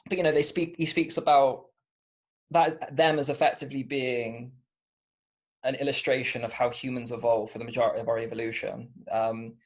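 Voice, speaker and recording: A Bristol man, a comedian and author appearing as a podcast guest, talks through ideas in a casual interview. His mid-range voice stays level at a normal speed, and he's thoughtful and rambling, full of fillers and restarts.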